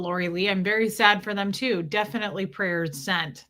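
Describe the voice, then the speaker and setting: A woman's voice: mid-range voice, steady tone, normal speed, sharp tone. A woman hosting a casual livestream, greeting viewers by name one after another. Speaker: livestream host.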